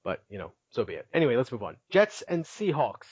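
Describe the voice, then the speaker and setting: A man's voice: mid-range voice, huge pitch swings, fairly quick, slightly rough, no room sound, lo-fi sound. A man hosting a casual podcast, chatty and laughing often as he recaps, with many filler words. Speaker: podcast host.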